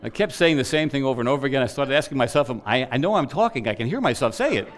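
A man's voice: medium pitch, racing. Man preaching through a personal story. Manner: animated storytelling with quoted voices.

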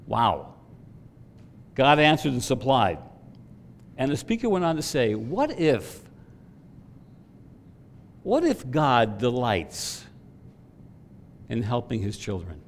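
A man preaching a sermon, swelling to loud emphatic peaks and dropping to quiet asides. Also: medium pitch, a little hiss or hum. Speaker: pastor.

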